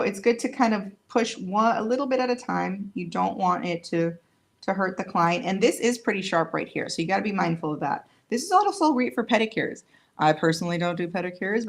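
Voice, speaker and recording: Gravelly chatty woman demoing nail tools. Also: mid-range voice. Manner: chatty and self-deprecating, talking while she works. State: tired. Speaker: nail tech demonstrating products on a livestream. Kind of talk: casual live product demonstration.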